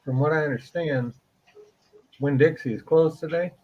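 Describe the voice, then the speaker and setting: A man's voice: on the high side, moderate pace, darkish tone, muffled recording. A man co-hosting a morning show, dropping short dry quips. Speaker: co-host. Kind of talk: casual radio chat.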